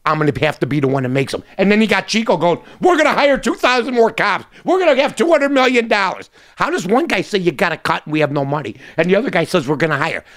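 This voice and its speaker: A middle-aged man hosting a short commentary segment, blunt and combative, ending his points with a pushy "okay?". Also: a little high. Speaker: sports radio host. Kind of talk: opinionated commentary monologue.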